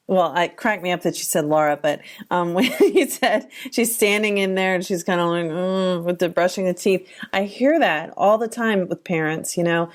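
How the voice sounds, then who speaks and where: A woman hosting a therapy podcast, agreeing with her guest and asking reflective follow-up questions. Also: medium pitch. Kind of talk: podcast interview.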